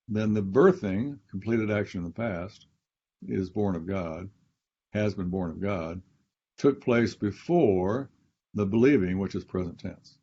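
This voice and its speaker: A man's voice: lowish voice, warm tone, husky, dull audio. A man, a Bible scholar and professor, explaining grammar step by step in a teaching conversation and repeating key phrases.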